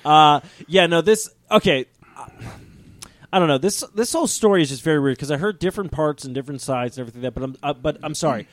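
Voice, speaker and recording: A podcast co-host talking casually, rambling and cracking crude jokes. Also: male voice, a little high, fast talker, no room sound. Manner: joking, rambling, crude humor. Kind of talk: casual chat.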